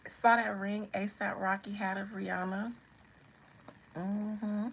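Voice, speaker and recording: A woman's voice: mid-range voice, little pitch movement, slow pace, creaky, slight background noise, poor audio. A woman in her thirties with a Southern American accent, chatting to viewers in a sassy, teasing way. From Southern United States. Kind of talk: casual chat to viewers.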